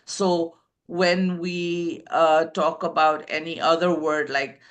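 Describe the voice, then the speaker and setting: A woman co-hosting a spiritual podcast conversation, talking in a deliberate way and pausing often with fillers. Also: deep voice, flat delivery. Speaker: podcast co-host.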